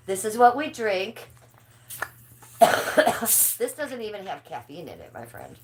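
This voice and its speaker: A woman's voice: mid-range voice, huge pitch swings, measured pace, pauses often, slightly rough. A middle-aged woman hosting a casual livestream, chatting and gossiping with her viewers and laughing often. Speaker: livestream host.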